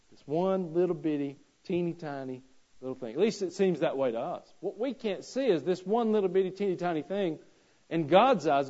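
A man's voice: a little high, darkish tone, lo-fi sound. Folksy storytelling male preacher. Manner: folksy storytelling with rhetorical questions. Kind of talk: sermon.

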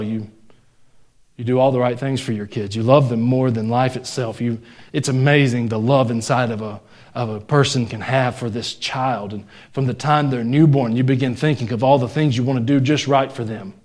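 A male pastor, a young adult, gives a conversational sermon with a mid-range voice. He chuckles often and pushes his voice up and louder when driving a point home. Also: fairly even intonation, moderate pace. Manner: conversational, jokes and laughs with the congregation; rises in pitch and volume when stressing a point.

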